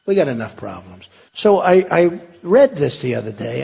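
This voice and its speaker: Husky older man giving a rally speech. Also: a little high, sing-song, normal speed, few pauses, a little mellow. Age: 60s. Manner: rambling, repetitive and emphatic, with asides to the crowd. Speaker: political candidate at a rally. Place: large hall. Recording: long hall reverb.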